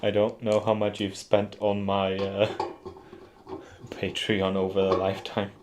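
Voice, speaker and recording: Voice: sits low, monotone, unhurried. A live-stream host chatting casually while assembling a kit, grumbling and bantering. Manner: exasperated muttering and joking banter. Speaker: livestream host building a 3D printer. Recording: noisy background.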